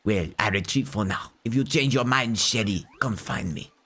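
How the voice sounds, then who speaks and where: A man's voice: on the low side, moderate pace, bright, forceful tone, voice pushed down. A man putting on a smarmy mock-French charmer. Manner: suave, theatrical, self-satisfied.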